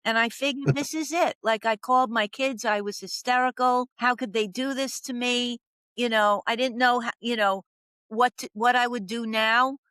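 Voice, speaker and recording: A woman's voice: on the high side, steady tone, moderate pace, sharp tone, clear, resonant tone, dry recording. An older woman telling her story as a podcast guest, dramatic, acting out the voices she quotes. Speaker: podcast guest, professional coach. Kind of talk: storytelling interview.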